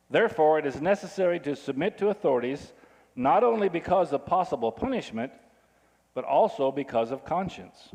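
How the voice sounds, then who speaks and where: In a long, reverberant hall, a pastor delivers a conversational sermon and frequently questions his listeners. He has a fairly high-pitched voice that's a little mellow.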